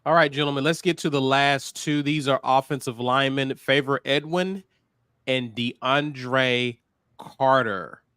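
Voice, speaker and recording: A man's voice: medium pitch, a little slow, fairly bright tone, clear, resonant tone, no echo. A man with a mid-range voice guides a casual sports discussion and moves it along to the next point. His mic sounds close and dry.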